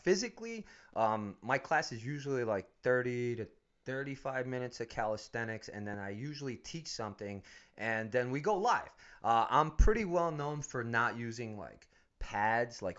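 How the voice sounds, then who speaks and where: A man's voice: mid-range voice, a bit bright, muffled recording. A man who coaches fighters, chatting casually and profanely, telling stories with frequent laughs. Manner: profane, storytelling, laughs often. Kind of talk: casual podcast chat.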